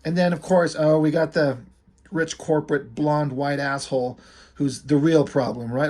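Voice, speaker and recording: A man's voice: fairly high pitch, steady tone, moderate pace, a little mellow. A man giving casual, rambling, joking commentary as he reviews a comic book. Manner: rambling, joking, often breaks into laughter.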